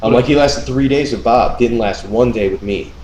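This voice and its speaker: A young man hosting a casual podcast, telling a long, profane, animated story about a lazy coworker. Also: mid-range voice, moderate pace. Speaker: podcast host. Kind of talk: casual chat. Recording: echoey room, faint noise.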